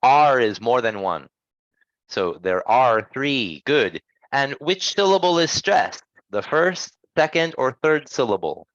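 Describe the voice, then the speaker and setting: A man teaching English pronunciation in an online lesson, patient and encouraging, gently correcting his students. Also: mid-range voice, sing-song, measured pace, hardly any pauses, no echo, highs cut off.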